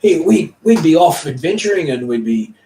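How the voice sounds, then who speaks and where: A man voicing an eager adventurer who rambles excitedly in a raised voice. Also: on the high side, moderate pace, voice pushed up. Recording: echoey room.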